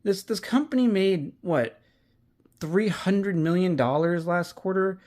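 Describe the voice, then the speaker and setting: A man's voice: high voice, unhurried, darkish tone. Candid, profane reselling vlogger man. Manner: candid, profane, rambling with restarts. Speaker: online reseller. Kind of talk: casual vlog commentary.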